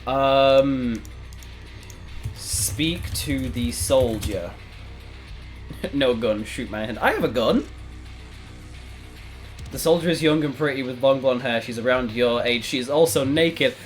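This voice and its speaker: A man streaming a text adventure game, reading it aloud and reacting with sudden loud outbursts. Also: mid-range voice, unhurried, long pauses. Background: faint background music.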